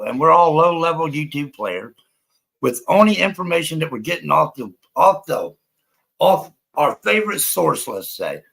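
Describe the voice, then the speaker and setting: A man's voice: on the high side, vocal fry, fairly bright tone, rough recording. A middle-aged man hosting a livestream, ranting bluntly and profanely with many restarts. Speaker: livestream host. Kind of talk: ranting live commentary.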